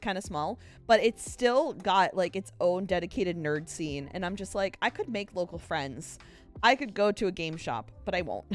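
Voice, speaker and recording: A woman streamer chatting casually with her viewers, rambling and laughing often at herself. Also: mid-range voice. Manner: giggly, rambling, self-mocking. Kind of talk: casual live-stream chat.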